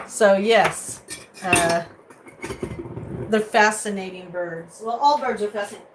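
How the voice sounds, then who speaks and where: Chatty woman with excited squeals. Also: normal speed, pauses often, background noise. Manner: rambling, animated, breaks into high excited squeals. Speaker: vlogger chatting with viewers. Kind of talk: casual live chat. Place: home kitchen.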